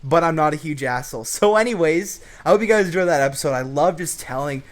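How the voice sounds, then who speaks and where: Animated storytelling man. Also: on the high side, fast talker. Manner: animated, acting out quotes, profane. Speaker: vlog host. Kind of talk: casual storytelling.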